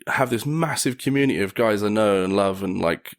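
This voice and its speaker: A man's voice: lowish voice, brisk, dry recording, clean studio sound. A man, a podcast guest telling stories in casual chat, upbeat and laughing often as he acts out the people he describes. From England.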